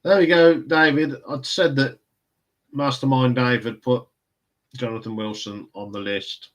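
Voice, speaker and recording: A man's voice: mid-range voice, steady tone, unhurried. A man hosting a live stream, chatting casually about records and answering viewer comments in a rambling way. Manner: chatty, rambling, chuckles often.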